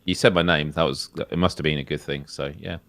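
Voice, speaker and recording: A man's voice: very deep voice, steady tone, fast talker, fairly bright tone, no echo. A British man who co-hosts a live stream and chats in a self-deprecating, good-humoured way. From Britain. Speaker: guest co-host. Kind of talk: casual live-stream chat.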